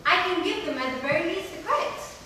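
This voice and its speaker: A woman's voice: very high voice, animated, sharp tone, exaggerated voice. An actress playing a patient, thoughtful young woman defending a film at a stage reading, recorded from far off in an echoey hall. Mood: calm. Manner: measured, patient, lightly mocking. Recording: echoey hall, mic far off, faint hiss.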